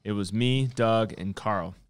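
A man's voice: on the low side, unhurried, smooth. A man co-hosting a casual livestream, telling a story and teasing his co-host. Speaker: podcast co-host.

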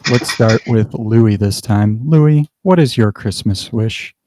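A man narrating as game master in a relaxed, halting way with fillers. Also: lowish voice, no echo.

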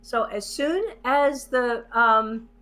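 Bright, high-voiced woman retelling a story. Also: slow pace. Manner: lively retelling, acts out quoted whispers and shushing. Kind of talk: casual storytelling chat.

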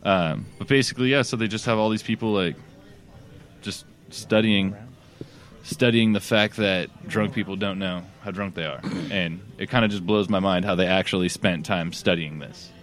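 A man's voice: low voice, normal speed, a bit bright. A man co-hosting a casual podcast from a sports bar, rambling through a news story with many fillers and frequent laughs. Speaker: podcast co-host reading news.

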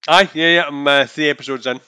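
A man's voice: on the high side, fast talker, sharp tone, clear, resonant tone, dry recording, clean studio sound. Laid-back Scottish male co-host. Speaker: podcast co-host. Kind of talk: casual podcast chat.

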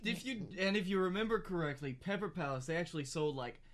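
A man's voice: high-pitched, expressive, crowd noise. A man co-hosting a podcast, chatting casually and riffing playfully on jokes. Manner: playful, quick to riff on jokes. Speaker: podcast co-host. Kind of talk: casual comedic chat.

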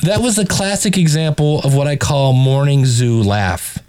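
Reviewing a podcast, a male host plays clips and answers them with sardonic, exasperated criticism, often stammering as he restarts sentences. His voice is medium-pitched and a little mellow, at a moderate pace.

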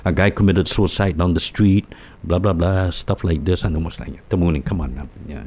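A deep-voiced man co-hosts a casual chat about ghost stories, speaking briskly with a breathy edge. He rambles and tells his tales with animation, restarting often and acting out quoted voices.

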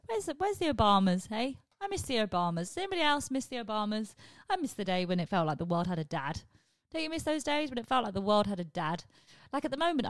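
A woman hosting a comedy podcast, telling a rambling, animated story and swearing freely. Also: medium pitch, no room sound. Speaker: podcast host. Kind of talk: comedic monologue.

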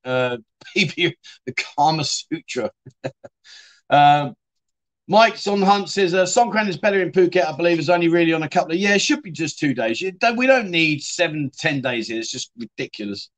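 A man's voice: a little high, animated, brisk, fairly bright tone. A man hosting a casual livestream, chatting and reading out viewer comments in a rambling way, often saying "mate.". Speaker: livestream host.

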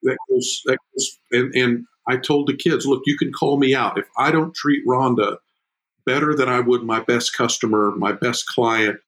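A middle-aged man talking as a podcast guest about fatherhood, emphatic and prone to repeating words, with his pitch jumping up when he gets excited. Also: normal speed, low-quality recording. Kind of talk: animated conversational podcast talk.

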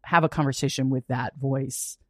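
A woman's voice: rumbling low, fairly even intonation, normal speed, no echo, studio quality. A woman hosting a podcast interview, candid and enthusiastic, swearing freely. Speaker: podcast host.

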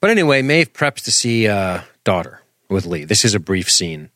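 A man with a very low, deep voice recaps a show in an easygoing chat with a co-host. He walks through the scenes, quotes the lines and laughs often. The sound is dry and close. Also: very animated, moderate pace, a bit bright, no echo. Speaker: podcast co-host.

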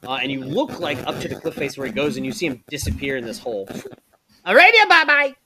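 A man runs a live-streamed tabletop game as its game master. He narrates loosely and scatters fillers all through his lines. His voice is bright and sits at a middle pitch for a man. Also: fast talker, slight background noise. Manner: casual, full of "like" and "uh" fillers. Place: streaming setup.

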